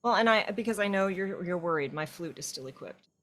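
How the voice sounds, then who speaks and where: A woman's voice: lowish voice, brisk. A woman with a Southern US accent chatting casually while streaming a co-op game. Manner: chatty, rambling, animated storyteller. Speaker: streamer playing co-op. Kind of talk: casual gaming chat.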